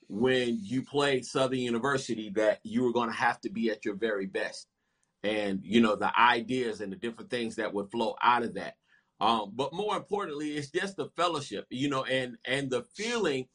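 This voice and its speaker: Animated man with a bright, forceful voice. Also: medium pitch. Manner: animated, lively storytelling with laughter. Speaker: guest. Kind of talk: storytelling in casual chat.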